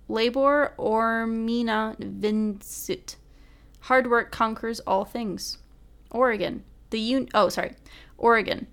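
A woman with a slightly high, fairly bright voice reads a list aloud casually, taking each item deliberately. She stumbles over foreign words and laughs as she apologizes.

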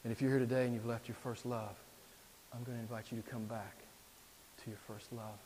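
A male pastor preaching a sermon, emphatic and repetitive, swinging between loud exhortation and hushed appeals. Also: mid-range voice, little pitch movement, fairly quick, a little hiss or hum. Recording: long reverb in a large hall.

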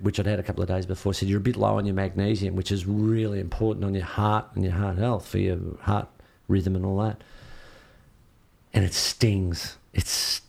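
A man's voice: on the low side, vocal fry. A man in an interview, casually telling a story and acting out what others said to him. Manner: lively, acts out what others said. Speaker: interview guest.

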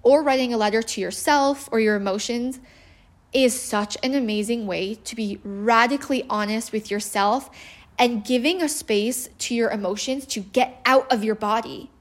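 A woman hosting a solo podcast, talking in an earnest, conversational way about parenting and laughing now and then. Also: on the high side. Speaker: podcast host.

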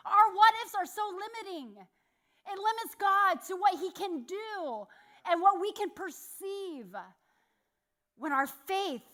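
A woman's voice: very high voice, expressive, slow pace, fairly bright tone. A woman giving a sermon, telling a personal story in a candid, self-deprecating way with laughs. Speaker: church speaker.

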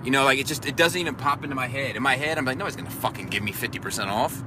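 A man chatting in a moving car, rambling through his thoughts with plenty of profanity and a self-deprecating streak. His voice sits at a middle pitch. Loud road noise runs under everything. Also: very fast. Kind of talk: casual chat.

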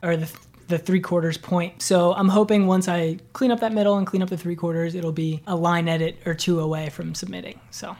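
An author and guest who chats casually, often repeating "yeah", then reads a chapter of their own novel aloud in a steady narration. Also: mid-range voice, brisk.

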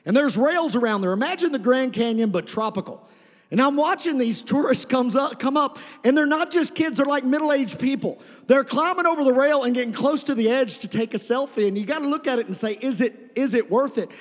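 A male pastor in a church sanctuary delivers a sermon in a loose, conversational way, now and then calling on the congregation to respond. His voice sits very high for a man. The sound carries a long reverb from the hall. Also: animated, brisk. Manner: conversational preaching with calls to the congregation.

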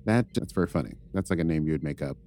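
Man, low pitched, dark mellow tone, wry casual recap, chuckles now and then. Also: animated, rapid-fire. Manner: chatty, wry, laughs at his own asides. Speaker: podcast co-host recapping episodes.

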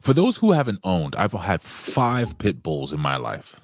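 A man's voice: sits low, huge pitch swings, unhurried, no room sound, clean studio sound. A man co-hosting a talk show, chatting casually and swearing bluntly. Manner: profane, blunt. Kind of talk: casual chat.

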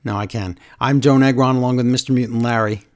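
A man of middle pitch hosts a casual podcast, trading jokes and teasing his co-host. His talk is loose and quick, full of playful back-and-forth. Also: steady tone.

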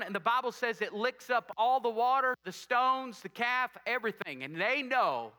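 A man's voice: very high voice, expressive, moderate pace, pushed and bright, long reverb tail. A male preacher delivering a sermon, asking the congregation rhetorical questions and making joking asides.

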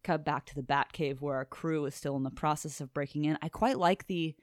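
A woman's voice: sits low, a little fast, no room sound, clean studio sound. A woman co-hosting a podcast, enthusiastically recapping a comic book in casual chat and swearing now and then. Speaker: podcast co-host.

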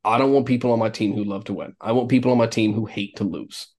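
A man's voice: lowish voice, fairly even intonation, a little mellow. Opinionated man riffing on football. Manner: opinionated, rambling, quick to laugh. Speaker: podcast co-host. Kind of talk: casual sports chat.

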